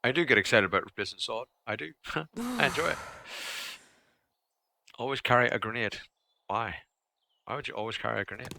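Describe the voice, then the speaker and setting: A man's voice: mid-range voice, lively intonation, moderate pace, vocal fry, long pauses, sharp tone, a little hiss or hum. A young man streaming a survival game live, chatting casually, swearing now and then, grumbling at the game and answering his chat. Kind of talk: live gameplay commentary.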